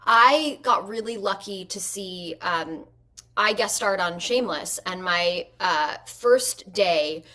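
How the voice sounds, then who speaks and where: A woman, an actress and guest, telling stories at home in a lively way and using "like" often. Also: mid-range voice, takes it slowly. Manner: animated storyteller, frequent "like" fillers. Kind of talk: conversational interview.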